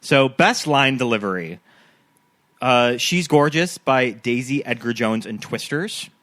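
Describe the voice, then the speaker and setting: A man hosting a casual podcast chat, animated and quick as he announces each category. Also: medium pitch, a little hiss or hum. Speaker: podcast host.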